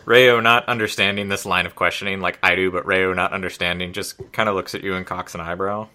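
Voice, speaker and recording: A man's voice: low voice, steady tone, brisk, sharp tone. A young man playing a tabletop game, casually talking through rules and his character. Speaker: player.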